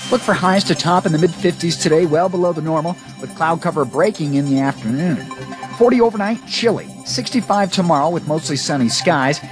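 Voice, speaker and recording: A man reading a radio weather forecast, clear and even. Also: fairly high pitch, fairly quick, music in the background.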